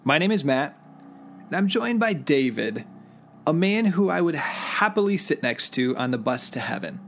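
A man's voice: on the high side, very animated, normal speed, a bit bright, slight background noise. A man hosting a podcast in casual chat, rambling and laughing often. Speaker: podcast host.

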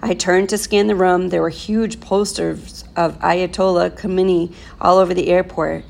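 A woman teacher reads a novel aloud for her class in a plain, steady storytelling manner. Her voice is fairly low and strongly gravelly, with heavy fry. It sounds like an unhurried read-aloud.

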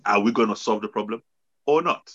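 A middle-aged father telling a family story in a casual talk, lively and giving advice. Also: on the low side, fairly quick. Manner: lively and instructive. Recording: slightly dull lo-fi sound.

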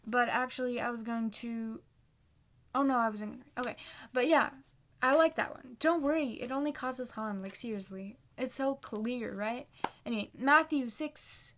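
A young woman in her late teens, chatting earnestly and casually about faith and reading scripture, with lots of "like" fillers and quick self-corrections. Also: fairly high pitch, fairly bright tone, a little hiss or hum. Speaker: faith encouragement vlogger.

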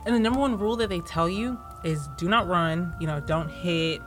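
A woman co-hosting a casual chat, relaxed and quick to laugh. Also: fairly low pitch, music in the background. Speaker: podcast co-host.

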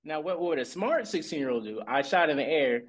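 Animated man chatting on a podcast. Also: on the high side. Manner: animated storytelling, acting out lines in quick voices. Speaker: podcast co-host. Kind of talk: casual recap chat.

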